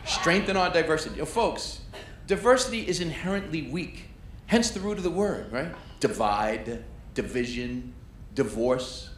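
Brash New stand-up comic. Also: male voice, fairly high pitch, expressive, a little slow. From New York. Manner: brash, crowd-baiting, works the audience. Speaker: stand-up comedian. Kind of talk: stand-up comedy set. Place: comedy club stage. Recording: echoey club, loud crowd noise.

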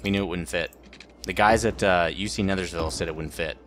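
Rambling low-voiced gaming commentator. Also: male voice, steady tone, a little fast, fairly bright tone, a little hiss or hum. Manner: rambling, self-joking. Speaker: gaming channel host. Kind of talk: let's play commentary.

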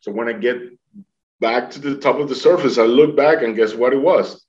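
A man's voice: mid-range voice, brisk, darkish tone. Earnest man telling his story, lo-fi. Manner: earnest storytelling, acting out quoted voices. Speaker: interview guest. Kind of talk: personal testimony.

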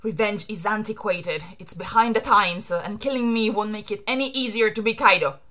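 A woman's voice: medium pitch, a little fast, sharp tone, close to an everyday voice. A woman doing a scheming cowardly shogun villain. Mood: sly. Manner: pleading then screaming in panic.

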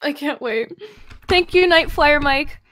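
Giggly high-voiced young woman. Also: measured pace, fairly bright tone. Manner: giggly, playful, teasing. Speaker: guest streamer. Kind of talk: casual gaming stream chat.

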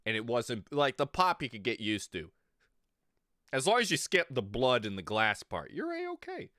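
A man's voice: medium pitch, big pitch swings, moderate pace, sharp tone, no room sound, studio quality. A man streaming live, chatting casually with viewers in a crude, rambling way and often laughing. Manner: talks to chat viewers. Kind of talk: casual livestream chat.

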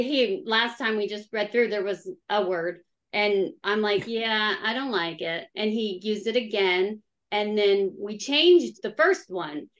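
A woman's voice: medium pitch, a bit bright, rough recording. A woman author chatting casually on a podcast, laughing often and acting out her own quoted remarks. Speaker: guest author.

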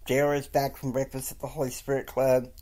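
A man casually retelling a family story, slow and rambling with fillers. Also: mid-range voice, monotone, mellow.

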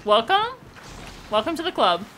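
Woman, young, upbeat streamer with a bright, lively voice and a faint hiss behind. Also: on the high side, normal speed. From Canada. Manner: bubbly, encouraging, laughs often. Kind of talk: casual gaming chat.

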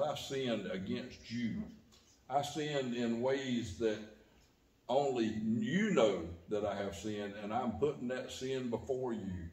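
Man preaching in an echoey church. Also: a little mellow. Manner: preaching with sudden rises and drops in pitch and volume. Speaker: pastor. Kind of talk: sermon. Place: church sanctuary.

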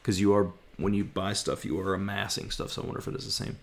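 A man vlogging his language study, thinking aloud, haltingly sounding out words and correcting himself. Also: deep voice, steady tone, vocal fry, slight background noise.

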